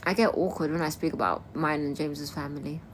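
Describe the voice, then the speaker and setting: A woman's voice: low voice, steady tone, quick pace, slight background noise. A young woman from Kosovo chatting casually on a livestream, answering her viewers' comments as they come in. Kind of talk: casual live-stream chat.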